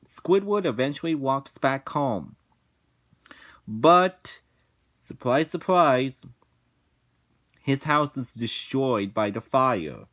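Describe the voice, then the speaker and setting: A man giving a casual review rant, talking slowly with frequent restarts, repetitions and swearing. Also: mid-range voice, big pitch swings, fairly bright tone. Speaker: episode reviewer.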